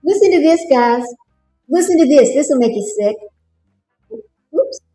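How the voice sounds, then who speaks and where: A woman's voice: high voice, expressive, unhurried, warm tone, echoey room, faint music behind, rough recording. A woman with a Texas drawl, chatting casually to viewers on her livestream commentary. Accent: Texan. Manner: chatty, laughs often, talks to viewers. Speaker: livestream host.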